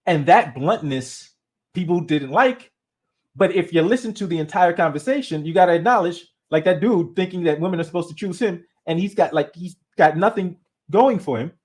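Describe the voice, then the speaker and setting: A man hosting his own channel, giving casual commentary in a conversational, animated way and often restarting his sentences. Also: high voice, normal speed. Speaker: channel host.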